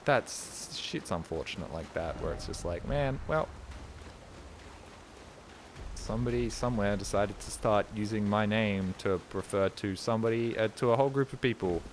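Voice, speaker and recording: A man's voice: on the low side, lively intonation, normal speed, noisy background. A young Australian man chatting casually to viewers during a game stream, rambling and joking. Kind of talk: casual chat while gaming.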